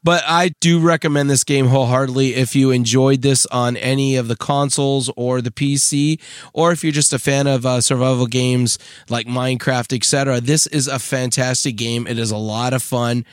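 A man's voice: medium pitch, fairly even intonation, normal speed, clean tone, dry recording, studio quality. A man co-hosting a casual podcast, enthusiastically rambling about a mobile game with plenty of fillers. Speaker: podcast co-host. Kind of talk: casual chat, app review.

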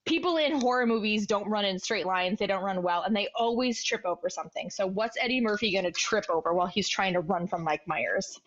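A woman co-hosting a casual podcast, telling an animated, comedic story and swearing freely. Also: mid-range voice, a little fast, hardly any pauses, muffled recording. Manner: animated storytelling, swearing, puts on silly voices. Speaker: podcast co-host.

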